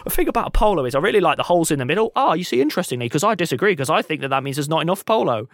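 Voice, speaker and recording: A man's voice: a little high, very animated, very fast, no room sound, clean studio sound. A man imitating rowdy male friends in exaggerated bad Cockney voices. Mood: joking.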